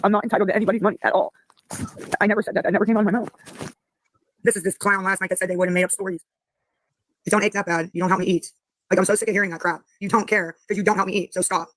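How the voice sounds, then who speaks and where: Fast, angry, cursing livestreamer voice. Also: mid-range voice, steady tone, a bit bright, low-quality recording. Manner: angry and profane, snapping at chat comments. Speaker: livestreamer asking for donations. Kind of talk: live stream talk to chat.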